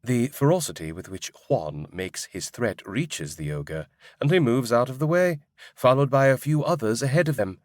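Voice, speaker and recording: A man narrating a fantasy audiobook in first person with a wry, expressive delivery. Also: mid-range voice, moderate pace, dry recording, studio quality.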